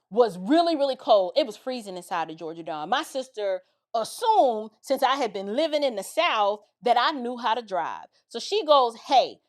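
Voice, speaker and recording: New woman, casual storyteller, high and very expressive voice, lots of asides to the audience. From the Bronx, New York. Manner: animated, dramatic retelling with lots of asides to the listener. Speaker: commentator telling a personal story.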